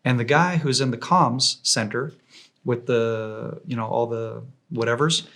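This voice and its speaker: A man, a podcast guest telling a war story in a lively, conversational way, often restarting and repeating words. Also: medium pitch, measured pace.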